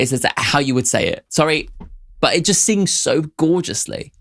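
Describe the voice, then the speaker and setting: A man's voice: medium pitch, expressive, brisk, gravelly, fairly bright tone. A young man hosting a casual song reaction, chatty and self-deprecating, often breaking into laughter as he picks apart the music.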